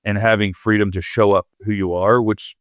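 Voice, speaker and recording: A man's voice: fairly low pitch, flat delivery, moderate pace, dry recording, studio quality. A man co-hosting a leadership podcast, thinking aloud in a loose, conversational way with lots of fillers. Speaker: podcast co-host.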